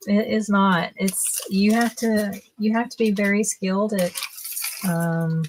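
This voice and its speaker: A woman's voice: medium pitch, fairly even intonation, takes it slowly, a little mellow, a little hiss or hum. A woman in her fifties, a guest on a livestream, telling casual stories in a chatty way and laughing often. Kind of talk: casual storytelling.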